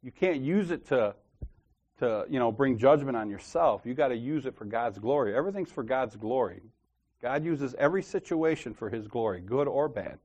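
A man's voice: medium pitch, expressive, moderate pace, a little mellow, muffled recording. A man leading a church group, talking casually and telling a story in a laughing, slangy way. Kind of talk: casual storytelling and Bible discussion.

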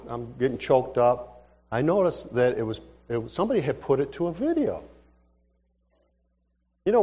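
Animated preacher man in a reverberant hall. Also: medium pitch. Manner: animated, conversational, acts out dialogue. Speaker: pastor. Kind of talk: sermon storytelling.

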